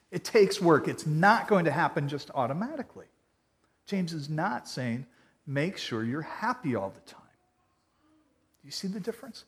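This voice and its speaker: A man preaching a sermon in an earnest, conversational way, swinging from loud emphasis to quiet. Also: on the high side. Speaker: pastor.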